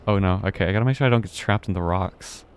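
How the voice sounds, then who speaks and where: Low-voiced man commenting on gameplay. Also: quick pace, clean tone. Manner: chatty, reacts aloud to the game. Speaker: streamer.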